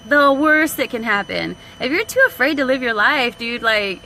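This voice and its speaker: Animated slangy woman live-streaming. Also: fairly high pitch, moderate pace, a little hiss or hum, low-quality recording. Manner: animated, slangy, laughs a lot, acts out quotes. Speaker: online business vlogger. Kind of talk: casual live-stream chat.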